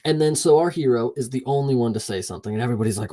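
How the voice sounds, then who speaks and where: A young man co-hosting a podcast, recapping a series in casual talk, animated and profane, acting out scenes in quick put-on voices. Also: mid-range voice. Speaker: podcast co-host. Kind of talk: casual show recap chat.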